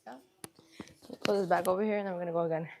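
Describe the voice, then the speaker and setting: Over a noisy background, a woman with a voice on the low side races through casual chat with her live-stream viewers between workout sets, her tone steady. She's out of breath, laughing frequently, with a runny nose.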